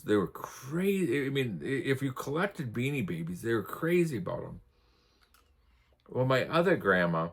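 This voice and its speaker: An American man hosts a laid-back vlog, chuckling as he tells rambling stories in a casual chat. His voice is low with a breathy edge.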